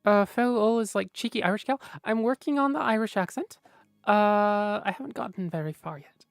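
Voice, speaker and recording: A woman's voice: medium pitch, normal speed, creaky, no room sound, soft background music. A woman streamer chatting casually with viewers, rambling and mumbling to herself with lots of fillers.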